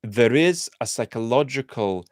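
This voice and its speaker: A man's voice: mid-range voice, animated, a little slow, no echo, studio quality. A man born in Russia hosting a live question-and-answer chat, thinking aloud and answering viewers with frequent ums and restarts. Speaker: host.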